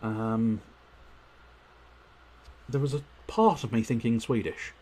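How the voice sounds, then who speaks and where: A man's voice: medium pitch, takes it slowly, darkish tone. A man chatting casually on a live game stream, wordy and politely formal, with frequent fillers and restarts. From United Kingdom.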